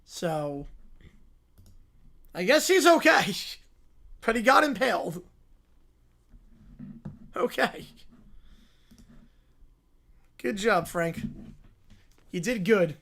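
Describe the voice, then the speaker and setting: A man hosting a livestream, reacting to a played video with quick, bemused asides. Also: sits high, sing-song, gravelly, sharp tone. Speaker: livestream host. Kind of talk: live reaction commentary.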